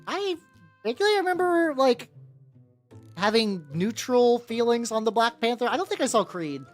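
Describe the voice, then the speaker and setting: A man with a higher-register voice streaming as he paints miniatures, chatting casually with viewers and rambling with lots of "like" and restarts. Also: lively intonation, normal speed, faint music behind. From United States. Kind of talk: casual livestream chat.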